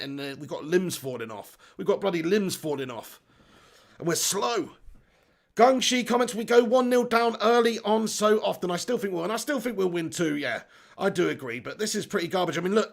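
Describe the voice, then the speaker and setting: This man's high-pitched voice carries vocal fry as he runs a live football watch-along, recorded on a phone. Between commentary on the match and reading chat aloud, he rants at his team, swearing casually in clear exasperation.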